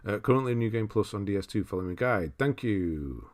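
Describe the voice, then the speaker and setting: Male streamer host, deep voice, mild northern English accent, relaxed rambling chat. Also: brisk. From northern England. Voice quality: relaxed, rambling, chuckles often. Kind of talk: casual livestream chat reading viewer comments aloud.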